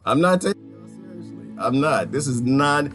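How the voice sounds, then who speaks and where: Brief: mocking commentator, laughs constantly, lively rise and fall. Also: male voice, a little high, moderate pace, over music. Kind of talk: reaction commentary.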